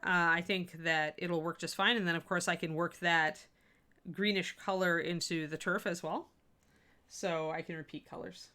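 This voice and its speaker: A woman's voice: lowish voice, pushed and bright. A woman hosting a live miniature painting stream, talking casually and thinking aloud with plenty of fillers.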